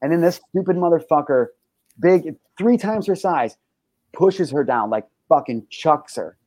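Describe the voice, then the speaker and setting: A man's voice: on the high side, unhurried, no room sound. Profane, rambling male talk show host. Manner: profane, animated storytelling with frequent fillers. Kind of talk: casual storytelling on a talk show.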